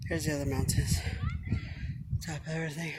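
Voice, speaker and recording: A woman's voice: deep voice, level tone, a little fast, darkish tone. A woman vlogging while hiking outdoors, out of breath and muttering to herself between steps. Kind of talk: casual self-talk while hiking. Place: outdoors on a hillside trail. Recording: noisy outdoor phone recording.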